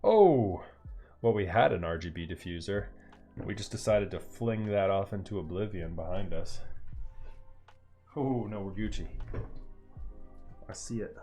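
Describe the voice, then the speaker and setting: A man's voice: lowish voice, animated, a little slow, pauses often, warm tone. A man chatting casually with his viewers on a live stream while he builds a keyboard at home, upbeat and slangy. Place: home room. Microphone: headset. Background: faint music from a movie playing elsewhere.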